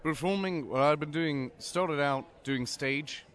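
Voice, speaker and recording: A man's voice: on the high side, measured pace, a bit bright. Playful male cosplayer being interviewed. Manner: playful, joking. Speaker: professional cosplayer. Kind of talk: casual interview.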